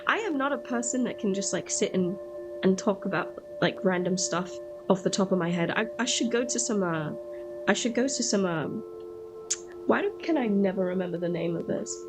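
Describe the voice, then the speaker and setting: A woman streaming a video game, chatting casually and excitably and echoing the game text aloud. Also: mid-range voice, moderate pace. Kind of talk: casual gaming chat. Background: game music.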